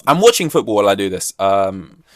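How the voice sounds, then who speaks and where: A man's voice: on the low side, fairly bright tone, no echo, clean studio sound. A man hosting a solo podcast, rambling and joking while he acts out other people's lines. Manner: rambling, jokey, acts out quoted voices. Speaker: podcast host.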